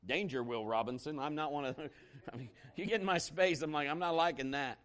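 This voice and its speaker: A male pastor preaching a sermon, telling a personal story in a conversational, animated way that swings between loud and hushed. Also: a little high, brisk.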